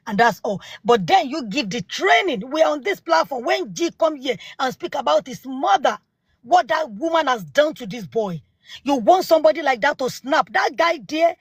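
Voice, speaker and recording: Brief: woman, 40s, non-native English accent, husky and slightly high voice, dry close sound, emphatic debater. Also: dry recording. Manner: emphatic and argumentative, repeats rhetorical questions. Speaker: live panel speaker. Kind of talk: heated live-stream debate.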